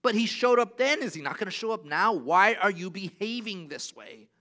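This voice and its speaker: A preacher doing an exasperated prophet, pleading questions, raised voice, bright and forceful tone. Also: male voice, sits high, expressive, pitched above the performer's own voice. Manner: pleading, rapid rhetorical questions. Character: exasperated male prophet scolding a crowd.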